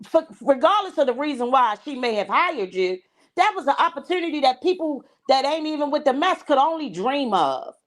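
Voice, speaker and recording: Blunt woman host, lively swooping voice, a bit high, chatting with food in her mouth. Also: brisk. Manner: blunt, animated, slangy and emphatic. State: eating while talking. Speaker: show host. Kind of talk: casual gossip commentary chat.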